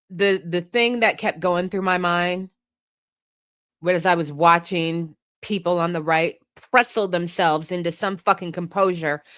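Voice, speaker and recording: Fiery, profane woman with a lively voice. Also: fairly low pitch, no room sound, studio quality. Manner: profane, fiery, laughs at herself. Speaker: podcast host. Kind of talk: heated political rant.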